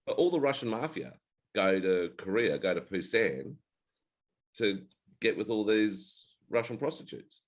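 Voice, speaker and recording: A man's voice: lowish voice, expressive, measured pace. A man in his forties with an Australian accent, co-hosting a casual chat and telling rambling, laid-back stories with plenty of swearing. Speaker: co-host.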